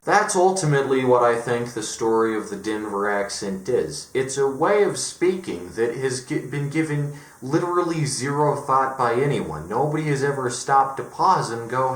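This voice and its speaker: A man's voice: mid-range voice, expressive, normal speed, few pauses. Ranting man in a roomy echo. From Colorado. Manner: emphatic, profane, exasperated. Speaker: vlogger. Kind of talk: ranting monologue.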